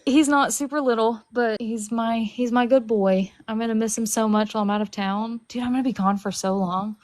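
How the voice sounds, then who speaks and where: A young woman from Alabama with a light Southern accent that sounds almost Californian, chatting fast and bubbly on a family livestream. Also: a little high, a little mellow. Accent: light Southern, mostly Californian-sounding. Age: young adult. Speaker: paralegal guest. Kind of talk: casual livestream chat.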